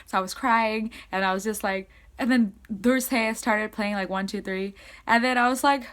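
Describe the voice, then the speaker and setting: A young woman excitedly recapping a concert she attended, in casual rambling speech full of "like". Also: on the high side, moderate pace. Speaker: concert-going fan.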